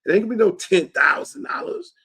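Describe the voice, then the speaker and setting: Blunt, emphatic man with a high voice. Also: huge pitch swings, quick pace, bright, forceful tone, breathy edge. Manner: emphatic, repetitive, blunt and profane. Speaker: show host and political candidate. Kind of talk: casual political monologue.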